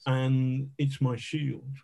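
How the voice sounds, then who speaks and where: A man's voice: medium pitch, monotone, extremely slow, creaky, mellow. A man, a journalist telling anecdotes as a podcast guest, rambling with restarts and the odd swear word. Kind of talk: storytelling in an interview.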